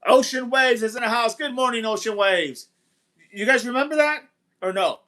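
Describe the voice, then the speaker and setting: Guy with a high-ish voice hosting a livestream, rambly, keeps repeating himself, says hi to chat. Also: moderate pace, pushed and bright. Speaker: livestream host. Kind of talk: casual live-stream talk, reading chat.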